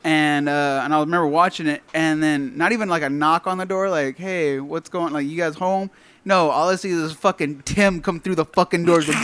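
A man's voice: a little high, a little fast, smooth, no room sound. A man telling a story in casual chat with friends, swearing and acting out the quotes. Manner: animated, swearing, acts out quotes.

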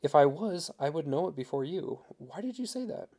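A man reading a young wife's lines in a raised, playful voice, gentle and teasing. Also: fairly high pitch, very animated, normal speed.

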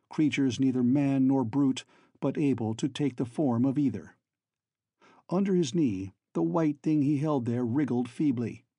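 A man reading a novel aloud as an audiobook narrator, in a measured, steady way. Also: mid-range voice, husky, no room sound, clean studio sound. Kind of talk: scripted narration.

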